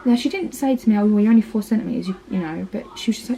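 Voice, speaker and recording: A woman's voice: medium pitch, rapid-fire, creaky, warm tone, slight background noise, rough recording. Chatty Essex woman in her thirties. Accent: Essex English. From Essex, England. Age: 30s. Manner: chatty, lots of "like" and "um", acts out quoted lines. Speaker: parenting vlogger. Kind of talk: casual birth story retelling.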